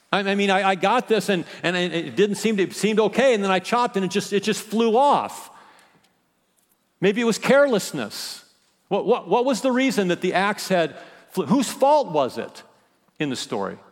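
A man preaching a sermon as a pastor, with impassioned delivery that swings between loud emphasis and hushed, quiet phrases. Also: high voice, in a large hall. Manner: impassioned preaching, rising and dropping to near-whispers.

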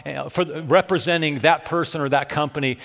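A man preaching a sermon, telling an animated story and then growing soft and emotional. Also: a little high, fairly quick, vocal fry, in a large hall. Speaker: pastor.

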